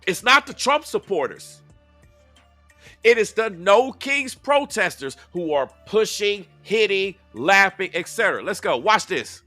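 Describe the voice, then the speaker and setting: A man with a high, lively voice delivers heated commentary, slangy and confrontational. He keeps circling back to the same points with rhetorical questions, sounding bright and dry against faint music. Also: unhurried. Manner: loose slangy talk aimed at the audience. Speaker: commentator reacting to video clips.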